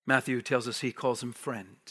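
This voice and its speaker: A man preaching a sermon as a pastor, swinging from hushed near-whispers to raised, urgent lines and repeating words for emphasis. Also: medium pitch, flat delivery, normal speed, husky.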